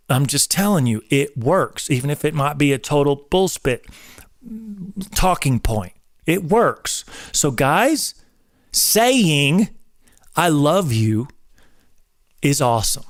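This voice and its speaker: A man's voice: a little high, no room sound, clean studio sound. Emphatic drill-instructor-like man. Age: 40s. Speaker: host and personal trainer. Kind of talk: casual preaching talk.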